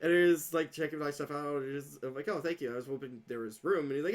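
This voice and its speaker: A woman's voice: low voice, fairly even intonation, fairly quick, few pauses. A woman co-hosting a podcast who tells an anecdote in casual chat and acts out both sides of the dialogue, swearing freely. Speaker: podcast co-host.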